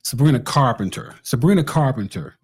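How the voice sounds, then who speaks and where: Animated man co-hosting a casual podcast. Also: medium pitch, a little fast, slightly rough, faint music behind. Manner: animated storytelling, folksy and teasing. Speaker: podcast co-host. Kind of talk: casual chat.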